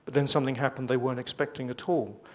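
A man's voice: medium pitch, fairly even intonation, quick pace. A man preaching a sermon, reading scripture aloud with emphasis between conversational asides with light humour.

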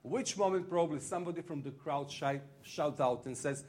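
A man preaching a sermon, retelling a story with lively acted-out crowd voices and slightly phrasing. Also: fairly high pitch, a little fast, few pauses. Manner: animated storytelling, acting out crowd voices, non-native phrasing.

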